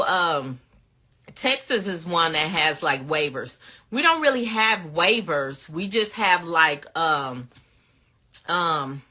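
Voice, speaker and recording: Woman livestream host, chatty and giggly, slow pace, bright edge. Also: lowish voice. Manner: chatty, greets viewers by name, laughs often. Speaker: livestream host answering viewer questions. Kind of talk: casual live chat.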